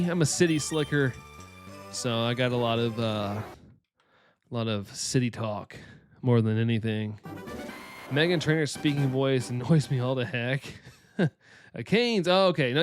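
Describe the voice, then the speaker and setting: A man with a light Southern US accent, casually chatting with his stream's viewers, upbeat and quick to laugh. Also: mid-range voice. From Southern United States. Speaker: live-stream host. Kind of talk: casual live-stream chat, reading chat.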